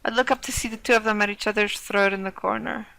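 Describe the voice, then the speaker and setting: A woman's voice: mid-range voice, fairly even intonation, fast, creaky, sharp tone, dry recording, poor audio. A young woman playing a visual novel, reading the text aloud with playful, wry asides. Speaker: let's play streamer.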